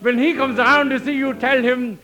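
A man singing a cheeky novelty song with a high, lilting tenor in a 1940s radio comedy. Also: fairly even intonation, brisk, pushed and bright, a faint crowd, rough recording. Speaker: singer. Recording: old radio broadcast with music.

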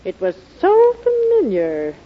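A woman's voice: very high voice, huge pitch swings, slow pace, heavily acted. A flustered radio-sitcom mother. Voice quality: flustered and exclaiming. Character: fussy, excitable middle-aged mother. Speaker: comic mother. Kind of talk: 1940s radio sitcom acting. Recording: muffled old radio broadcast with audience. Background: studio audience laughter.

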